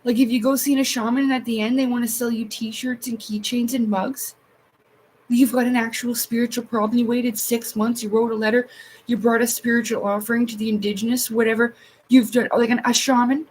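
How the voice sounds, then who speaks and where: A woman chatting on a livestream while she paints, her voice sitting a little high. She rambles and swears in exasperation, upset and close to tears, over a faint hum of background noise. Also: flat delivery, a little fast, a little mellow, low-quality recording. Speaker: livestream host. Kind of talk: casual chat while painting.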